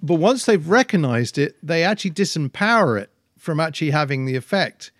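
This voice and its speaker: A man's voice: a little high, animated, brisk, dry recording, studio quality. A man co-hosting a casual podcast chat, speaking thoughtfully with frequent restarts. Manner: hesitant, many restarts and fillers, thoughtful. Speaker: podcast co-host.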